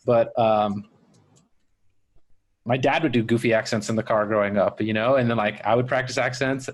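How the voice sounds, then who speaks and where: A man's voice: medium pitch, steady tone, moderate pace. Male podcast host, easygoing and reflective, overthinks on mic. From Miami area comedy scene. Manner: reflective, rambling, overthinks aloud. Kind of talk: casual chat.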